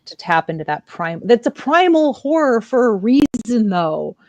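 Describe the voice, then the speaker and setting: A woman's voice: on the high side, normal speed, no room sound, dull audio. Candid woman telling stories, dry sound. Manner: candid, animated storyteller. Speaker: podcast co-host. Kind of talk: casual chat.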